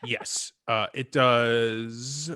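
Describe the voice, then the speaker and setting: Male game master, bright and forward voice, chatty, fills his talk with "uh" and "um". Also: medium pitch, fairly even intonation, drawn-out words, clear, resonant tone. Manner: chatty, many fillers and restarts. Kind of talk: narrating a tabletop game.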